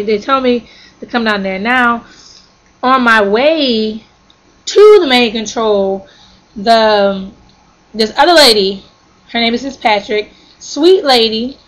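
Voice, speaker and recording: A young woman telling a work story as a sassy, animated rant, acting out quoted arguments loudly. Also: fairly high pitch, low-quality recording.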